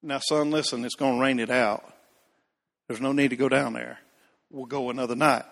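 A man's voice: mid-range voice, steady tone, moderate pace, creaky, fairly bright tone, voice pushed down. A practical middle-aged father speaks in a drawling, no-nonsense way, played by a man retelling a story from the pulpit. It echoes with a long reverb through the hall. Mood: firm. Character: firm, practical middle-aged Southern dad.

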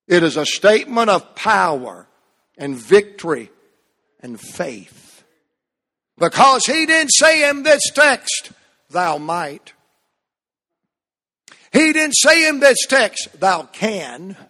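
A man preaching a fiery revival sermon, swinging from soft drawn-out phrases to shouted peaks. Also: extremely high pitch, lively intonation. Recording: long reverb in a large hall.

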